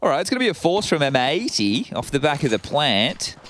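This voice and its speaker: Male esports play-by-play caster, jokey and energetic, faint noise behind him. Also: fairly high pitch, fairly quick. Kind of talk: live esports commentary.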